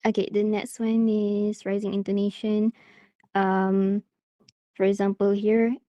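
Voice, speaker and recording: Brief: woman teacher, from Malaysia, online class, soft mellow tone, dry sound, hesitant with fillers. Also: medium pitch, steady tone, a little slow, no echo. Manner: hesitant, many fillers and restarts. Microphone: video call.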